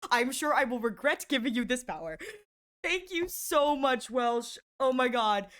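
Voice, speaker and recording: Woman streamer with a very high voice, excitable and giggly, gushes thanks, shrieks in mock horror. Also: a little slow. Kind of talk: casual live-stream chat.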